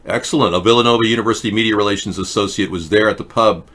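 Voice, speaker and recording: A man's voice: fairly low pitch, rapid-fire, fairly bright tone. A man hosting a political talk show, reading news headlines aloud and mocking them with sarcastic asides. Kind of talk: casual political commentary.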